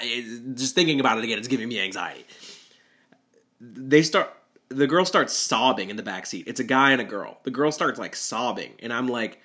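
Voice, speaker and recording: A man's voice: mid-range voice, sharp tone. A young man, a rideshare driver, telling a rambling, self-deprecating story with nervous laughs. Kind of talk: storytelling monologue.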